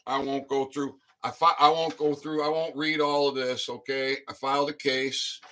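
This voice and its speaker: Speaking to followers in a laid-back vlog, a man reads his court documents aloud and explains the filing, pausing to slow down on key phrases and tossing in "all right?" often. His mid-range voice barely moves in pitch and sounds pushed and bright.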